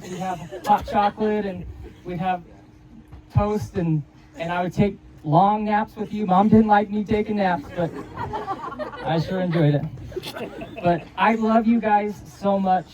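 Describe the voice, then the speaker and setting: A man giving a halting, tender speech as father of the bride, pausing and laughing softly. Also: high voice, lo-fi sound. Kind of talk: emotional wedding toast.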